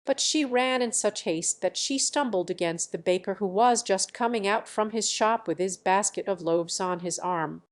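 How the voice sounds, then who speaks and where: A woman narrating a fairy tale audiobook in a steady, measured way. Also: medium pitch. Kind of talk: storybook narration.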